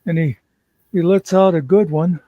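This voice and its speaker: A man's voice: a little high, fairly even intonation, moderate pace, warm tone, no echo. A man co-hosting a casual chat, telling a long joke in a leisurely storytelling way. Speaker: co-host.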